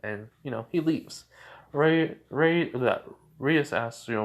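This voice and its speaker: Young guy rambling thru a fan story at home, lots of "you know", mid pitch. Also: measured pace. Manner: rambling, many fillers, chuckling. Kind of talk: improvised fan-fiction storytelling.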